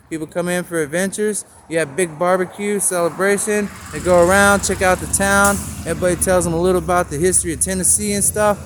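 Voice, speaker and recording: A man's voice: a little high, a bit bright. Rambling man talking outdoors, faint traffic. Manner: rambling, free-associating, wordplay on signs. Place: outdoors on a town street. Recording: faint street noise outdoors.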